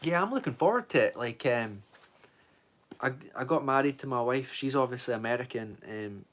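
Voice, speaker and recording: A young Scottish man talks loosely on a livestream, answering his chat with a rambling, easygoing flow. His voice sits at an ordinary middle pitch for a man. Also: lively intonation, moderate pace, fairly bright tone. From Scotland. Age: 20s. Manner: rambling, reads out viewer comments and answers them. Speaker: streamer.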